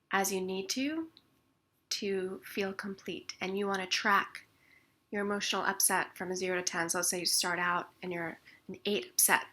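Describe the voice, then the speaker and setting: A woman explaining emotional tapping, speaking expressively and sometimes dropping to a soft near-whisper. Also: mid-range voice. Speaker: tapping practitioner. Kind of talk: instructional explanation with demonstrations.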